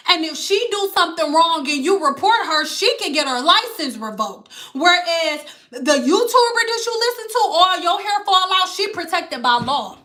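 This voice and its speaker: A woman hosts a casual livestream as a hairstylist. Her voice sits high and sharp. She talks bluntly and emphatically, swearing as she answers her viewers' comments. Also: sing-song, normal speed, few pauses. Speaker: hairstylist and channel host.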